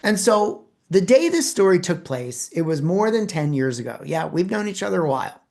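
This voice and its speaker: A man giving a storytelling talk, his pitch swinging widely as he builds scenes. He leans on dramatic pauses and acts out bits of conversation for the audience. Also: gravelly. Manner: expressive, dramatic pauses, quotes dialogue. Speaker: presenter telling a personal story.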